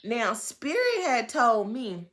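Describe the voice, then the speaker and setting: A woman vlogger talking casually to her viewers into a handheld microphone, rambling and playful, often talking low and sultry. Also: sing-song, takes it slowly, fairly bright tone. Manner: playful, rambling, breaks into laughs and sung lines; talks low and sultry at times.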